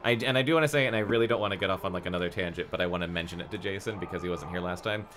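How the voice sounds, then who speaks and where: A man's voice: sits low, racing, fairly bright tone, a little hiss or hum. A man co-hosting a casual book podcast, rambling with fillers, then reading chapters aloud. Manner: rambling, many fillers and restarts.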